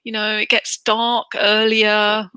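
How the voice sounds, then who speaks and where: A woman's voice: mid-range voice, completely flat delivery, slow, pushed and bright, smooth, no echo. A middle-aged woman from the United Kingdom, chatting as an interview guest about moving home, and she acts out the voices she quotes. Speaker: interview guest, relocation trainer. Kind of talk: casual interview chat.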